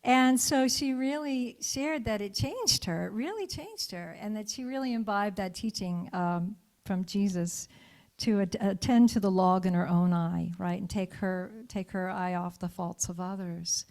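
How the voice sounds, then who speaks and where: A middle-aged woman preaches a conversational sermon in the church sanctuary at an unhurried pace, her medium-pitched voice a little mellow. Storytelling is at its center, and she asks the congregation what they think amid frequent laughter.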